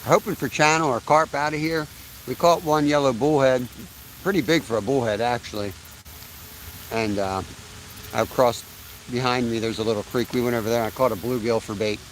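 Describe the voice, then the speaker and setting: A man's voice: medium pitch, moderate pace, poor audio. Chill guy in his 30s talking to his live chat while fishing by a creek, easygoing, laughs a lot, faint outdoor hum and cars going by. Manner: laid-back, chatty, laughs often. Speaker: fishing livestream host. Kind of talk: casual live-stream chat.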